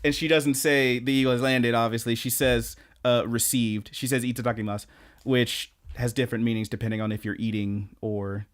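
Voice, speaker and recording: A man co-hosts a podcast in easy, casual chat. He recaps scenes with animated energy, acting out the characters' lines and laughing often. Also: medium pitch, brisk. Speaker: podcast co-host.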